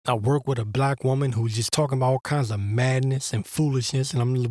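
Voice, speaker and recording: A man's voice: medium pitch, fairly even intonation, brisk, a little mellow, dry recording. A man giving a blunt, profane religious monologue as host, in an exasperated and crude manner. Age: adult veteran.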